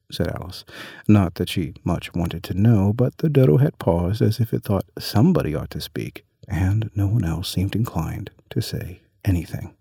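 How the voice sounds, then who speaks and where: A man narrating a storybook in a measured, even reading. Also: low voice, creaky, husky, no room sound, clean studio sound.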